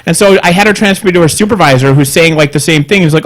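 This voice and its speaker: A man's voice: on the high side, racing. A man co-hosting a podcast, telling an exasperated, profanity-laced story and mimicking both sides of a phone call. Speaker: podcast co-host. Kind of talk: casual chat, ranting anecdote.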